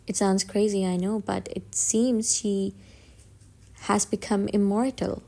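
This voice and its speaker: A woman's voice: mid-range voice, fairly even intonation, slow pace, creaky, mellow. A woman narrating a comic story recap in a casual, dramatic way, with emphatic stresses and frequent restarts.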